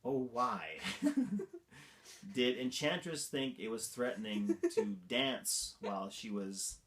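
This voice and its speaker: Slow-talking, giggly man. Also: medium pitch, lively intonation, creaky, a bit bright, a little hiss or hum. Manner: amused, giggly, incredulous. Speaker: vlog host. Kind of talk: casual movie review monologue.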